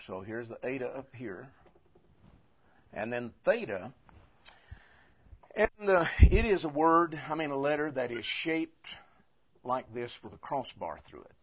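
A man's voice: mid-range voice, very animated, unhurried, long pauses, slightly rough, dull audio. A man teaching a lesson, patiently repeating and spelling things out as he goes. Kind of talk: teaching the Greek alphabet.

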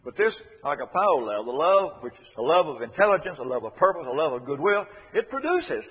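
A man's voice: a little high, very animated, a little fast, a bit bright, husky. A man preaching a sermon in an earnest, emphatic way, repeating his key phrases to drive them home. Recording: echoey hall, dull lo-fi sound.

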